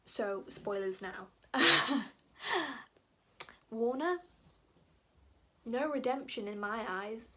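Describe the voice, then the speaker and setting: A woman with a fairly high voice rants casually about books she disliked. She is animated and exasperated, and "like" keeps cropping up in her talk. Her delivery is that of an informal book vlog. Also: extremely slow, long pauses. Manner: animated and exasperated, heavy use of "like". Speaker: book vlogger. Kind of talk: casual ranting book review.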